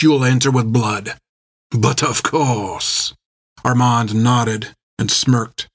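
A man reading an adventure novel aloud in measured, scripted narration on a close mic. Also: medium pitch, no room sound. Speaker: audiobook narrator.

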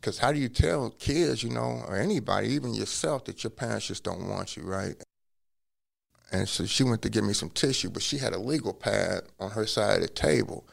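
A man telling his life story in a relaxed interview, acting out what people said to him. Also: fairly low pitch, moderate pace, gravelly. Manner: acts out quoted dialogue in a lively way; casual, drops curse words. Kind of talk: conversational storytelling.

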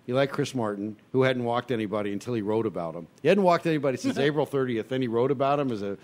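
Man, sports talk host, argumentative, casual chat, middle pitch. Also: quick pace, a little mellow. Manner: argumentative, presses his point.

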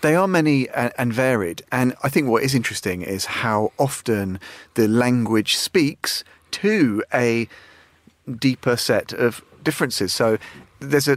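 A man's voice: mid-range voice, no echo. A man with a North London accent who heads a radio station, musing thoughtfully in a studio discussion. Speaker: head of radio.

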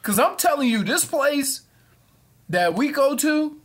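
Man, radio co-host, high voice, animated storytelling, casual chat. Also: a little slow.

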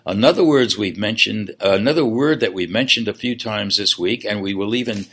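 A man's voice: on the low side, a little fast, fairly bright tone, husky. A man co-hosting a religious program, teaching the Bible in an earnest, emphatic preaching cadence and reading scripture aloud.

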